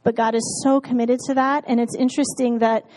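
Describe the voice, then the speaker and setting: A woman's voice: a little high, level tone, brisk, a little mellow, rough recording. A married woman casually telling her faith story, candid, with frequent fillers and laughs. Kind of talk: casual testimony talk.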